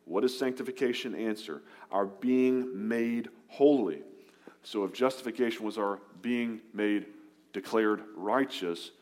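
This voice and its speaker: A man preaching a sermon to his congregation, earnest, rising for emphasis and dropping soft and low on key words. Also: unhurried. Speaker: pastor.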